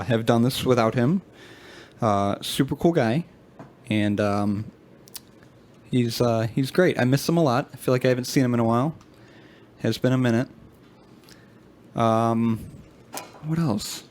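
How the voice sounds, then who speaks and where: A man's voice: mid-range voice, unhurried, pauses often, a little mellow, a little hiss or hum. A man co-hosting a casual podcast chat, laid-back and agreeable with lots of ums and uhs, on a close mic. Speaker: podcast co-host.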